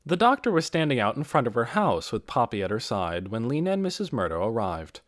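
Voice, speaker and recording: A man reading an audiobook in a measured way, giving key phrases slow, deliberate emphasis. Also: mid-range voice, sing-song, dry recording, clean studio sound. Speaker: audiobook narrator. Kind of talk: scripted narration.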